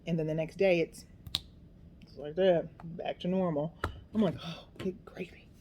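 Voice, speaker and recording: Over some background noise, a middle-aged woman with a deep, steady voice talks at normal speed. She's a craft vlogger, chatty and self-deprecating, rambling to herself as she works on her project.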